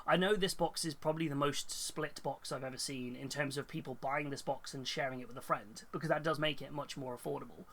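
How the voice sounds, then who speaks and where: A man's voice: mid-range voice, fairly even intonation, brisk, hardly any pauses, a bit bright, slight background noise. Congested man chatting casually. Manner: rambling, thinks aloud with many fillers and restarts, reads chat. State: congested with a cold. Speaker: hobby streamer. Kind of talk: casual live-stream chat.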